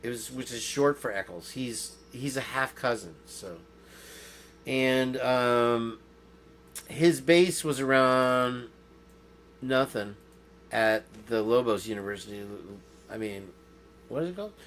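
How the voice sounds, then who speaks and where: A man's voice: medium pitch, slow, pauses often, fairly bright tone. A man hosting a loose podcast in a mid-range voice, wandering from one story to the next and cracking himself up as he goes. A faint noise runs under the recording. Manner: rambling, jokey, often laughs at himself. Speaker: host. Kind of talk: rambling casual podcast chat.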